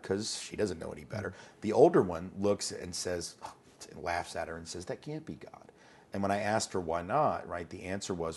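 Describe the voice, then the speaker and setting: A man's voice: low voice, a little mellow, slightly rough. A man being interviewed as an educator, talking conversationally and telling anecdotes, often repeating words as he starts a thought.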